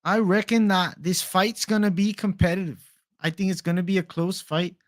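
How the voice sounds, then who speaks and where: A man doing an impression of an earnest English fight-analysis host, with measured, analytical delivery and an English accent. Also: sits high, steady tone, no room sound, studio quality, voice pushed up, lightly acted.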